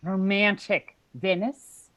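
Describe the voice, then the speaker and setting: A woman reading a playful, punning young man in a live play reading, teasing in slow rhymed banter. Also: mid-range voice, fairly even intonation, no echo, lo-fi sound, natural voice. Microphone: video call.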